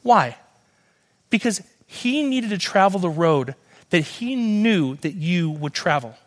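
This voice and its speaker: A young man with a high, bright-sounding voice delivers a sermon to a congregation. He talks in a lively storytelling way, slipping into other people's voices as he tells his stories. His delivery keeps moving and stays conversational. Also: slow. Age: young adult. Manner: animated storytelling, acts out quoted voices. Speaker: guest speaker.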